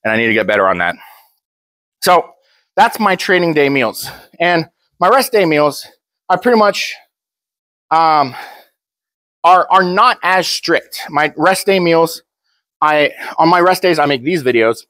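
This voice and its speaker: A man's voice: on the high side, lively intonation, a little slow, pauses often, a bit bright, no room sound. A young man talking casually to camera, blunt and joking, rambling with frequent restarts. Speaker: powerlifter vlogger.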